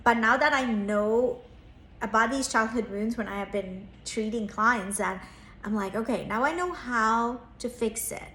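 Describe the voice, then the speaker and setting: The therapist and parenting coach, a woman in her thirties, reflects earnestly on a personal story in a slightly high, somewhat bright voice. She speaks at a measured pace, in a roomy recording with a bit of hiss or hum, raising her voice to act out quoted lines.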